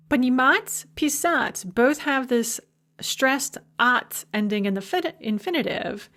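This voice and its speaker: A woman lecturer with a slightly high voice talks through a recorded language lesson. She keeps it informal and chatty, tossing in quick asides as she explains. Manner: slow, stressed demonstration of spoken forms.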